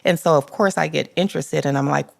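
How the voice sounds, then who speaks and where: A middle-aged woman guest on a podcast, talking earnestly and softly about grief and faith, her sentences trailing off. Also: low voice, quick pace, gravelly, no room sound, clean studio sound.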